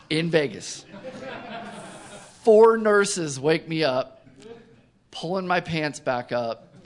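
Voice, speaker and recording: A man as an interview guest, telling a self-mocking personal story in casual conversation with lively delivery. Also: mid-range voice. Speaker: company co-founder, interview guest.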